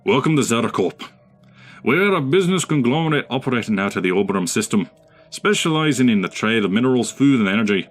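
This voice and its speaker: A man voicing a small male dwarf corporate trader with a put-on Scottish accent and a smooth sales pitch. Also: lively intonation, fast talker, soft background music, lightly acted. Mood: salesy.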